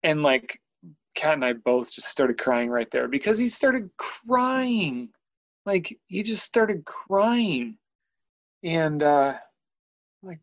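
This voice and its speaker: A father speaking candidly about his young son in an earnest, halting way, often pausing to find his words. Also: on the high side, sing-song, fairly bright tone, highs cut off. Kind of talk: candid personal conversation.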